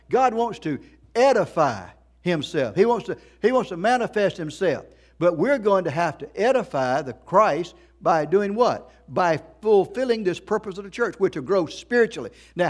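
A middle-aged pastor preaches a sermon emphatically in a high voice. He repeats phrases and poses rhetorical questions to the congregation.

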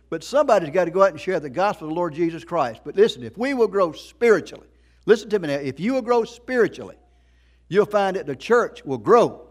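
A middle-aged man preaching a sermon as a pastor, emphatic, repeating phrases and asking the congregation rhetorical questions. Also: sits high.

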